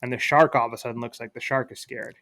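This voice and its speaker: A man's voice: mid-range voice, steady tone, quick pace, a bit bright, dry recording. A man, a podcast guest, talking casually and reflectively while telling a children's story, with fillers and restarts. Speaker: guest, attorney.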